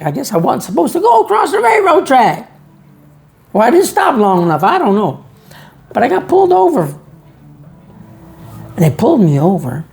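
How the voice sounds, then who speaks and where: A man's voice: high-pitched, creaky, darkish tone. A man from Georgia, delivering a sarcastic, rhetorical monologue and telling stories. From Georgia, USA. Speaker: vlog host. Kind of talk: ranting monologue.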